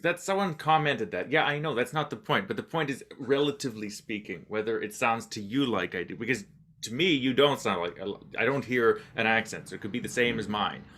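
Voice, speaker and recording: A man's voice: medium pitch, fairly quick, fairly bright tone. A man hosting a podcast, chatting casually, musing and self-deprecating, often trailing off. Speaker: podcast host. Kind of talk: casual interview chat.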